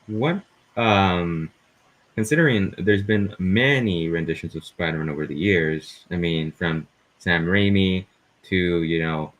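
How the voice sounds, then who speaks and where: Deep voiced guy hosting a chill interview, long rambling questions. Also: measured pace, fairly bright tone, muffled recording. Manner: asks long winding questions. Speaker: host. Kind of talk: casual interview.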